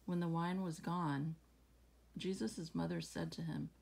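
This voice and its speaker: A woman reading scripture aloud at home, then musing about it casually with fillers and soft laughs. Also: lowish voice, fairly even intonation, unhurried, vocal fry, slight background noise. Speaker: Bible reading channel host. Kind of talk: casual Bible reading and reflection.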